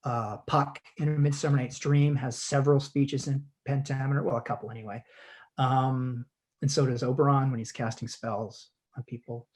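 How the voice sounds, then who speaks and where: A man's voice: mid-range voice, fairly even intonation, moderate pace, a little mellow. A man, a guest actor, explaining ideas in a conversational teaching chat over a video call, with frequent restarts and repeated words.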